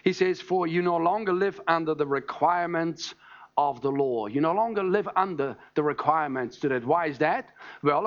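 A man's voice: a little high, muffled recording. A man preaching a sermon in an emphatic teaching manner, often checking in with the congregation. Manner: emphatic, teaching, asks "All right?" often.

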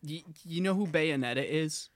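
A man in casual chat about an anime episode, excited and slangy, laughing often. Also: a little high, normal speed.

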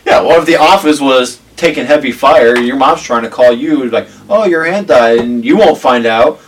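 A man's voice: medium pitch, normal speed. A young man telling funny stories in a casual chat, acting out the quoted voices. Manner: storytelling, acts out quoted voices. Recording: distant mic with faint noise.

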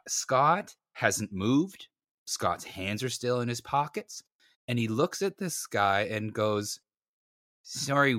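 A man's voice: medium pitch, no room sound, studio quality. A man co-hosting a podcast, telling a story in casual chat and acting out the voices of the people in it with a self-mocking manner. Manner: animated, acts out voices in anecdotes, self-mocking. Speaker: podcast co-host.

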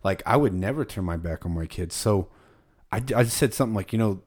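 A man's voice: deep voice, a little fast, a little mellow. A man hosting a casual podcast chat, telling stories in a profane, heated way.

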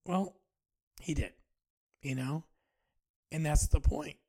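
A man in his forties hosting a podcast, talking earnestly and haltingly about his own feelings, often restarting his sentences. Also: on the high side, dark tone. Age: 40s. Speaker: podcast host. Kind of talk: personal reflective monologue.

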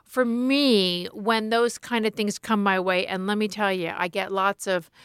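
Podcast guest: a woman author, chatty, with a smooth voice recorded dry. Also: medium pitch, fairly even intonation, unhurried, a bit bright, no echo. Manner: chatty, laughs often. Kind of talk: casual podcast chat.

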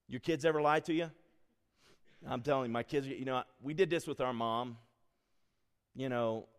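A man's voice: mid-range voice, clear, resonant tone. Middle-aged pastor guy telling stories in his sermon, laughs along, church hall echo. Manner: animated storytelling, laughs at his own stories. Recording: long hall reverb.

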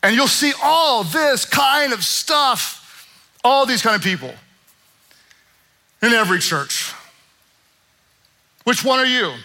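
Male pastor, high and very bright voice, preaches with call-and-response. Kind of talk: sermon. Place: church sanctuary with congregation.

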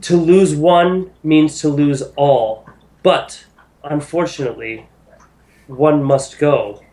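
A man voicing a solemn goddess who addresses a band of chosen heroes in grave, measured pronouncements. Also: a little high, mellow, voice pushed up.

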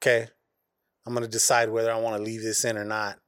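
A man's voice: lowish voice, completely flat delivery, quick pace, a bit bright, smooth. A man from Arizona co-hosting a podcast, telling a long profane story with a lot of animation. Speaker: podcast co-host. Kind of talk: casual chat.

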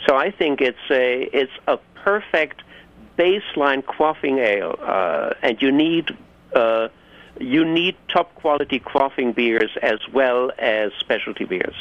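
A man calling in as a beer expert guest, giving thoughtful, measured opinions. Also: medium pitch. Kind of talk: casual radio discussion. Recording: dull phone line.

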